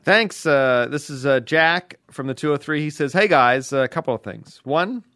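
A man co-hosting a comedy podcast and reading listener letters in a dry, mock-formal way that breaks into loud mock shouting. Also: fairly high pitch, lively intonation, moderate pace, no room sound. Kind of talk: casual comedic chat.

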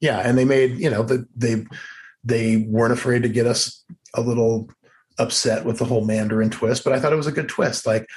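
A man's voice: medium pitch, fairly even intonation, brisk, darkish tone. Rambling casual man chatting about movies. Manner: rambling, full of fillers, laughs often, acts out quoted lines.

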